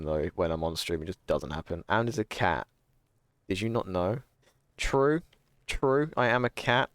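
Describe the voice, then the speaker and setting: A young man with a deep, smooth voice talks casually to his stream chat. He rambles and corrects himself as he goes, swearing freely. The sound is dry and close, with no room around it. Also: no echo.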